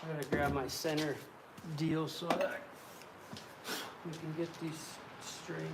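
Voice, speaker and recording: A man casually talking to camera while building cabinets, rambling and swearing, with loud groans and outbursts. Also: fairly high pitch, little pitch movement, takes it slowly, very noisy. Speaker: woodworker vlogger. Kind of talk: casual workshop talk to camera.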